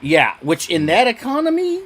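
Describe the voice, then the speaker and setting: A man's voice: high voice, huge pitch swings, moderate pace, a bit bright, slightly rough. A man co-hosting a casual movie podcast, chiming in with dry, wry remarks. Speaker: podcast co-host.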